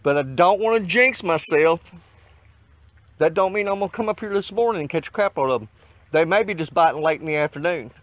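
High-voiced man fishing a riverbank. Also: fairly quick, dry recording. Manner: folksy, excitable, swears mildly at fish. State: hot and out of breath. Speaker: fishing vlogger. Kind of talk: casual outdoor vlog. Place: outdoors on a riverbank. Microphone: handheld camera mic.

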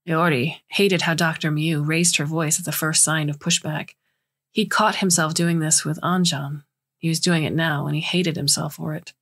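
A woman reads a science fiction story aloud as a measured narrator. Her voice is lowish and somewhat husky, with a steady storytelling pace. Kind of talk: scripted narration.

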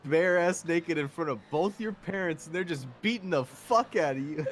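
A man's voice: a little high, normal speed, a little hiss or hum. A man teasing his teammates with crude jokes over voice chat, often laughing at his own lines. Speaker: teammate in an online racing session. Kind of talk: joking banter over voice chat.

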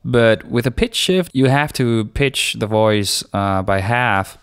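A man hosting a screencast software tutorial, explaining each step in a relaxed, unscripted way with small fillers. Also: medium pitch, slow, smooth, dry recording.

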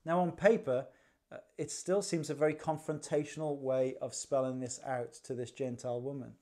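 A man's voice: medium pitch, fairly even intonation, normal speed, a little mellow. A man preaching a livestreamed sermon, conversational and dryly humorous, with rhetorical questions. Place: church livestream.

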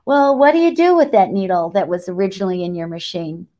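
A middle-aged woman giving a lively sewing tutorial, who asks questions and answers them herself. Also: medium pitch, quick pace. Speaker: sewing needle expert. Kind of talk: lively live tutorial talk.

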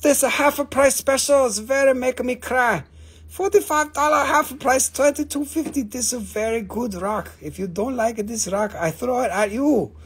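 A man puts on a pushy salesman who talks in broken grammar. His pitch sits above his own and the tone stays husky. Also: very slow, hardly any pauses, pushed and bright, full character voice. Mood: salesy. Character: pushy male rock salesman with broken English.

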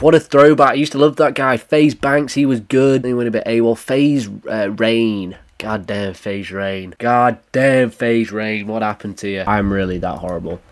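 Sweary man mocking clips. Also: medium pitch. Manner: mocking, sweary, self-deprecating. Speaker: reaction video host. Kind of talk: sarcastic reaction commentary.

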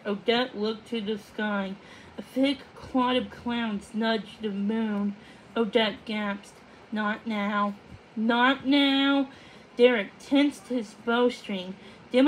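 Slow, higher-voiced woman reading a storybook. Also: a little hiss or hum, low-quality recording. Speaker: storybook reader.

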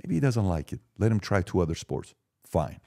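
A man in his forties, a podcast guest, talking emphatically and telling lively stories in casual conversation. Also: deep voice, brisk.

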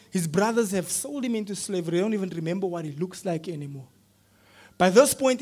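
A man preaching a sermon in a church, talking casually with slang and swinging from quiet scripture reading to loud urgent pleading. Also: high voice.

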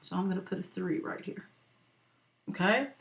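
A woman with a lowish, gravelly voice and lo-fi sound teaches accounting via screen recording. Working patiently through an exercise, she talks slowly so students can write things down and checks in frequently with "right?" and "okay?".

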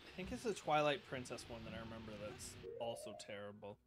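A man's voice: mid-range voice, expressive, fast. A man streaming a video game live, chatting and joking as he plays and talking back to what happens on screen. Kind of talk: live gameplay commentary. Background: game music.

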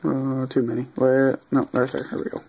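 A man's voice: medium pitch, moderate pace, vocal fry. Easygoing man listing cards aloud. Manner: easygoing, reads off cards one after another; mildly excited asides with fillers. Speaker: video creator opening card packs. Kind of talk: casual unboxing commentary.

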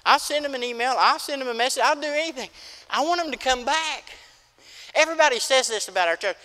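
Folksy preacher in a reverberant church. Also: male voice, very high voice, fast talker, bright, forceful tone. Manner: folksy, storytelling, emphatic preaching. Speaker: pastor. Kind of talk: sermon. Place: church sanctuary.

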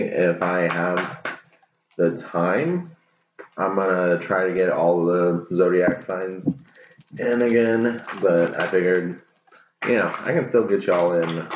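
A man doing a casual tarot reading, chatty, laughing and cussing as he talks. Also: low voice. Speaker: tarot reader. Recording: lo-fi, phone-like, echoey, faint hiss.

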